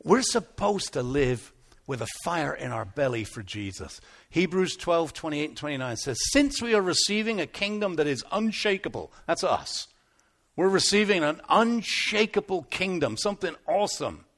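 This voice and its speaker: A man preaching a sermon in an animated, conversational way, repeating words as he builds up and slipping into little acted asides. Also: fairly high pitch, moderate pace. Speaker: pastor.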